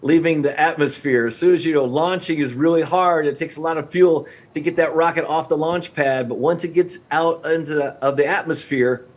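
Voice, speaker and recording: Man, 50s, podcast guest coaching restaurant owners; lively talker who acts out client calls, voice sits a bit high. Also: a little fast, few pauses. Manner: energetic, acts out phone-call dialogues with clients.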